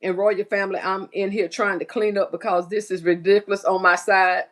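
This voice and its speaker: Speaking fairly quickly in a steady, medium-pitched voice, a middle-aged livestream host chats while she cleans and assembles baskets. She reads out what viewers comment, her speech folksy and Southern US.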